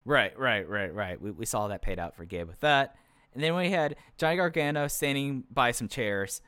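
A man's voice: mid-range voice, expressive, moderate pace, sharp tone, clear, resonant tone, no echo. A man co-hosting a podcast, chatting casually and with strong opinions, often restarting his sentences. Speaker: podcast co-host. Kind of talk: casual chat reviewing a wrestling show.

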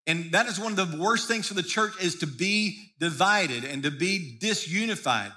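Male pastor with a high, bright voice, preaching casually and often repeating himself mid-sentence. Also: lively intonation, normal speed. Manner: conversational preaching with frequent restarts and repeated words. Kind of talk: sermon.

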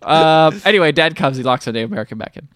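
A man's voice: fairly high pitch, animated, rapid-fire, fairly bright tone. A young man co-hosting a podcast, casually recapping a movie, swearing freely and acting out the characters in goofy voices. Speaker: podcast co-host.

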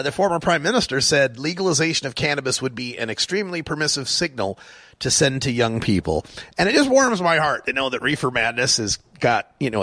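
A man's voice: medium pitch, fairly bright tone, no echo. A man hosting his own talk radio show, delivering a sarcastic monologue and chuckling often. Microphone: studio microphone.

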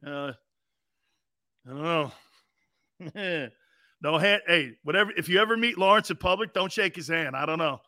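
A middle-aged man hosting a sports talk radio show, loud and joking, laughing often as he rambles. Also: a little high, unhurried, long pauses, no room sound, studio quality.

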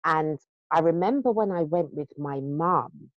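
A woman's voice: sits low, lively intonation, a little slow, no room sound. A woman, telling her own story animatedly in a casual chat and acting out what people said to her. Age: 40s. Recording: dull, dry sound.

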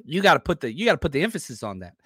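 A man's voice: a little high, sing-song, very fast, pushed and bright, husky, dry recording, clean studio sound. A man hosting a live sports podcast, talking loosely and energetically while reading chat comments aloud. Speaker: podcast host.

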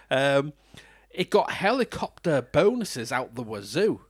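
A man's voice: medium pitch, very animated, slow pace, slightly rough, no echo, studio quality. A British man hosting a podcast, chatting casually about a film and laughing often. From Britain. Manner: chatty, laughs often, breaks into mock voices. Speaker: podcast host. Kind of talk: casual film review chat.

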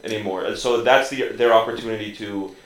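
A man hosting a podcast from his bed, mocking his guests with crude banter and sudden high squeals. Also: fairly even intonation, a little fast, echoey room, rough recording. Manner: mocking, profane, jumps to a high squeal when teasing. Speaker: podcast host. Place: home bedroom.

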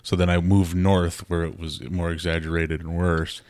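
A man's voice: sits low, flat delivery, normal speed, darkish tone, clear, resonant tone, dry recording. A man from the Twin Cities with a Minnesotan accent, hosting a podcast in a wry, teasing casual chat. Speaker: podcast host.

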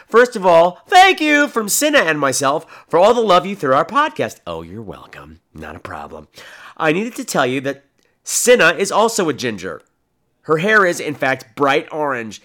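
A man with a somewhat high voice hosts a casual solo podcast and reads out listener mail. He talks in a campy, sassy, wisecracking way. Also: fairly bright tone. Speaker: podcast host.

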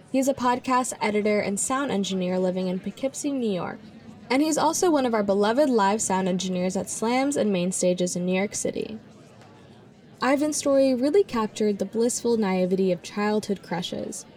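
A woman hosting a storytelling podcast, reading a measured, reflective outro. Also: mid-range voice, darkish tone. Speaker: podcast host. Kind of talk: scripted narration.

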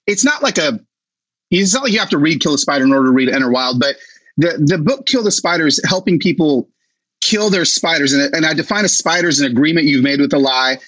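A man in casual podcast chat, telling stories in a lively way and laughing as he talks. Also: on the high side, no room sound, highs cut off. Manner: animated storytelling with laughs. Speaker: guest author.

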